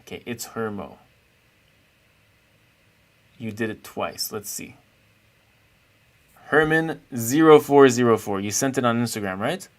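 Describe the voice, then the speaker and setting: A man's voice: mid-range voice, a little slow, pauses often. Chatty male chess streamer. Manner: chatty, playful, thinks aloud while searching. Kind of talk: casual live stream chat.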